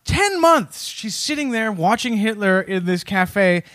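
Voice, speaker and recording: A man's voice: sits high, big pitch swings, unhurried, a bit bright, no echo, studio quality. A man hosting a comedy podcast, telling a history story with jokey asides. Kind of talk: casual comedic chat.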